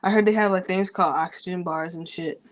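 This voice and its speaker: A woman's voice: lowish voice, fairly even intonation, fast talker. A grieving woman, rambling loosely and cursing freely in a personal vlog. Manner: rambling, profane, loose and unfiltered. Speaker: vlogger.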